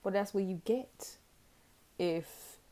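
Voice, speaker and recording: A woman's voice: mid-range voice, slow, mellow. A young woman giving a casual, sassy tarot reading to camera, full of "like" and "you know". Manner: chatty and sassy, heavy use of "like" and "you know". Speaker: tarot reader.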